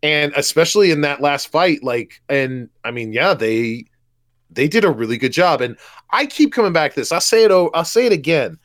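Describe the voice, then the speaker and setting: A man's voice: fairly high pitch, animated, normal speed, fairly bright tone. A man chatting casually as a podcast co-host, enthusiastic and full of restarts and swearing. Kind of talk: casual movie chat.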